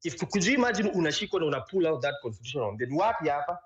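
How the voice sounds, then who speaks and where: A man's voice: on the high side, very animated, rapid-fire, highs cut off. A Kenyan man ranting casually in an online audio room, mixing Swahili and English and often restarting words. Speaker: speaker in a live audio room. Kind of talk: casual rant.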